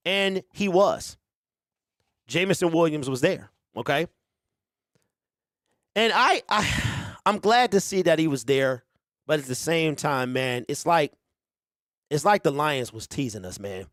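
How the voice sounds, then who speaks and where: A man hosting a casual sports talk stream, animated, who exclaims and repeats himself. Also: fairly high pitch, a little slow, pauses often, no room sound, clean studio sound. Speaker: sports show host.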